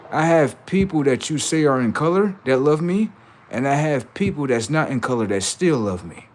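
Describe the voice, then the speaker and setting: Brief: male livestream host, mid-pitched, crude mocking rants, lots of repetition. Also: very animated, moderate pace, slight background noise. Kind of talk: ranting livestream commentary.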